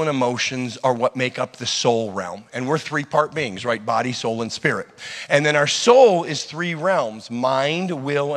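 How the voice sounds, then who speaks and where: A man preaching a sermon, telling a personal story in an animated way that swings between loud and hushed. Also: mid-range voice. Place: church hall. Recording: long hall reverb.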